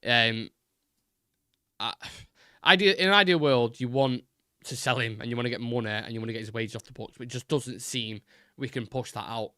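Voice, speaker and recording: A man's voice: medium pitch, moderate pace, pauses often, pushed and bright, dry recording, clean studio sound. A young man hosting a live fan show, chatting loosely with fillers and restarts, his voice fraying a little. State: voice keeps going. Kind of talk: casual live-stream chat.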